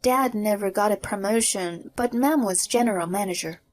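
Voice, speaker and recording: A woman's voice: mid-range voice, normal speed, faint music behind, close to an everyday voice. A woman voicing a confident, teasing adult daughter in a narrated story.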